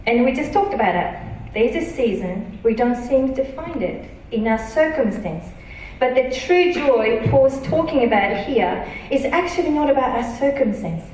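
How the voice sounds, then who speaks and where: A woman pastor preaching a sermon, earnest and emphatic, reading scripture slowly. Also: high voice, expressive, darkish tone, slight background noise. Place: church auditorium. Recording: echoey church hall from a distance.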